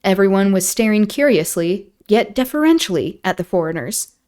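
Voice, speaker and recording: A woman's voice: medium pitch, expressive, moderate pace, a little mellow. A woman streamer reading a novel aloud, breaking off into wry, mocking asides.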